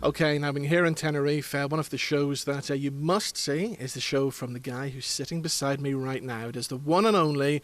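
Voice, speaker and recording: A man's voice: fairly high pitch, fairly even intonation, fairly quick, hardly any pauses, a bit bright, soft background music. A man hosting a TV show, introducing a guest and asking interview questions with a few hesitations. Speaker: TV show host. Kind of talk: broadcast interview.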